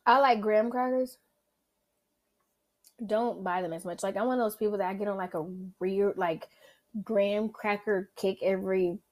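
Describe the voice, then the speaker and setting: A woman with a Southern accent hosting a casual solo food-review podcast, chatty and full of "like" and "um," humming as she tastes. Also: mid-range voice. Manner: chatty, many fillers and likes; animated, savoring with hums. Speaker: podcast host.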